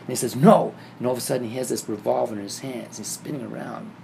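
A man casually telling a vivid dream story, acting out the scenes and getting animated and higher when excited. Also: very fast, creaky. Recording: noisy background ambience.

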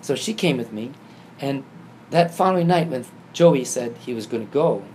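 A man telling a personal story in casual conversation, acting out the quoted dialogue with lively shifts. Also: medium pitch, moderate pace, slight background noise. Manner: animated, acts out quoted dialogue. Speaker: guest telling his story.

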